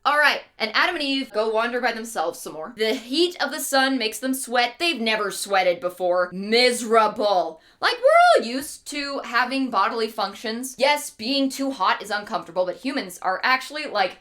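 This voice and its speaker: A woman's voice: on the high side, very animated, moderate pace, hardly any pauses, fairly bright tone. A young woman streamer casually retelling an old story with irreverent, wry asides.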